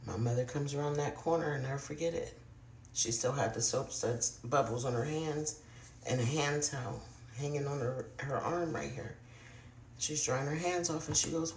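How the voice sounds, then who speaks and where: An adult vlogger recounts a personal paranormal experience to camera, confiding and casual, often addressing viewers directly and sometimes sinking to a hushed murmur. The mid-range voice moves at a moderate pace in an echoey room with slight hiss or hum.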